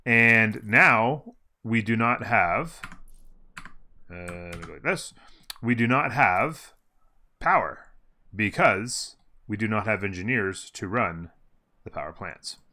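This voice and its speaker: A man hosts a gameplay video, talking casually at his desk microphone as he plays. His voice sits low yet sounds bright and sharp, and his pitch rises and falls widely. He thinks aloud with fillers and corrects himself mid-sentence. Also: lively intonation, takes it slowly, pauses often.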